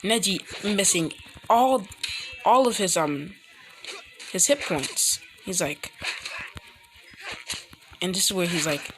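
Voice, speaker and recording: A woman telling a rambling fan story while gaming, halting often to correct herself. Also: on the low side, background noise. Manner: halting, frequent self-corrections. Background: music playing.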